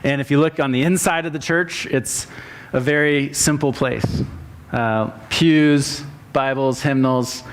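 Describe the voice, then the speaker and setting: Pastor preaching a sermon. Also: male voice, mid-range voice. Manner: conversational, with fillers, then reads a sermon in a rising, emphatic tone. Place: church sanctuary.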